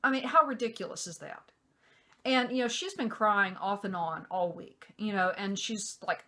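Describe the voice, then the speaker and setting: A woman's voice: mid-range voice, normal speed, sharp tone. Middle-aged woman, vlogger, casual storytelling, exasperated, rambling, fillers.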